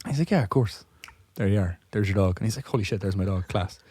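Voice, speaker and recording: A man's voice: lowish voice, quick pace, warm tone, breathy edge, dry recording, clean studio sound. A hungover man casually telling a long joke with lots of swearing, laughing at his own punchlines. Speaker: podcast co-host.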